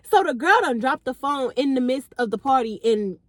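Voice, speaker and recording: A woman's voice: high-pitched, normal speed, no echo. A young woman, telling a party story in a casual vlog and acting out the people in it. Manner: animated, acts out the voices of people in her story. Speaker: storytime vlogger.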